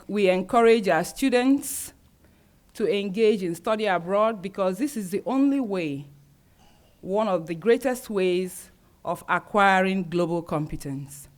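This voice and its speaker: A woman who directs a university's global programs, formally presenting a ceremony with frequent hesitations. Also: medium pitch. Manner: formal, with frequent ums and uhs. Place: university auditorium.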